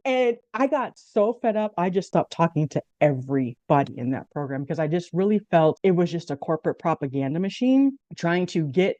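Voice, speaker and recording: A woman in her fifties chats as host, her voice low and mellow. She tells her stories with animated, acted-out quotes. The sound is dry and a little dull. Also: normal speed, hardly any pauses, dry recording. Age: 50s. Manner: animated storyteller, acts out quotes. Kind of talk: casual conversation.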